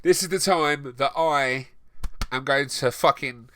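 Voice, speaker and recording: A man's voice: mid-range voice, unhurried, fairly bright tone, voice pushed up, close to an everyday voice. A man voicing a half-giant male groundskeeper who declares things with pompous drama. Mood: solemn.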